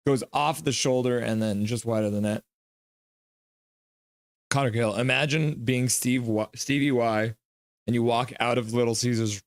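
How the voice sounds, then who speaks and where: A man's voice: medium pitch, no echo. Jokey man calling hockey on a stream. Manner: excitable, jokey, shouts at goals. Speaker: live-stream hockey watch-along host. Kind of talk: casual play-by-play and chat reading.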